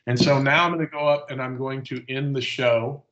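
A man presenting at a conference, walking through a live software demonstration step by step in a casual, explanatory way. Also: medium pitch, fairly even intonation, a little fast. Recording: slightly dull lo-fi audio.

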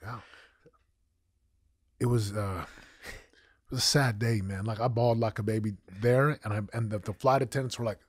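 A man in his forties, a former football champion, telling his story candidly in an interview, with animated storytelling and acted-out quotes. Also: fairly low pitch, normal speed, long pauses, husky, no room sound, studio quality.

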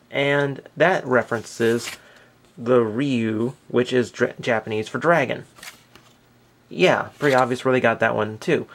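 A man reviewing toys from his collection in a casual, talkative way. His voice sits at an ordinary middle pitch. He sounds enthusiastic and ready to poke fun at himself. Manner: enthusiastic, chatty, self-deprecating asides. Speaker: toy reviewer.

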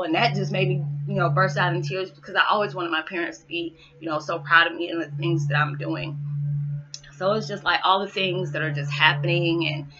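Brief: woman spiritual vlogger, loose rambling chat, slightly low, bright voice, muffled lo-fi recording. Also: fairly even intonation, brisk, background noise. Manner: rambling, chatty, many fillers like "you know" and "it's just like". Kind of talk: casual monologue to camera. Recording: dull lo-fi sound.

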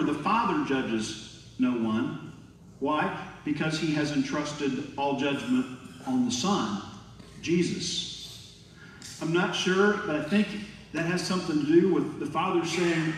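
A man preaching a sermon as pastor, emphatic and lively, sometimes acting out quoted voices. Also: a little high, moderate pace, recorded from a distance, slight background noise. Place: large church hall. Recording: echoey hall from afar.

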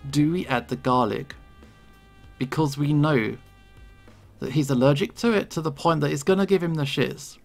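A man giving casual gameplay commentary, relaxed and thinking aloud as he plays. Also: a little high, moderate pace, vocal fry, pauses often, faint music behind. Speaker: gaming video creator.

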